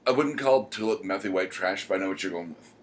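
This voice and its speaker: A man with a somewhat low voice talks casually as a podcast co-host. He rambles, pausing often with ums as he gathers his thoughts. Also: a little hiss or hum. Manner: rambling, many "um" pauses. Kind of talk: casual chat.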